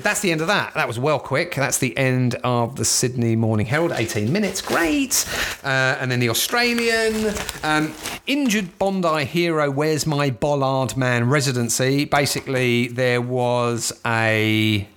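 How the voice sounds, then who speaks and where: A man's voice: medium pitch, fairly bright tone, slight background noise. A middle-aged man from England with a southeast London accent, giving casual, profane commentary as he flips through newspapers and rants at the stories. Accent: southeast London English. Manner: profane, ranting, dismissive.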